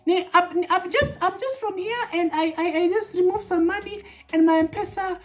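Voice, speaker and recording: A man with a Kenyan accent voicing a frantic woman customer who has lost her money, stammering in a high, breathless voice. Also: moderate pace.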